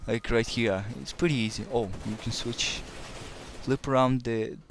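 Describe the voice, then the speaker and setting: A man's voice: medium pitch, fairly even intonation, a little slow, a little hiss or hum. A man casually commenting while playing a shooter game, rambling and often restarting words. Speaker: let's play commentator.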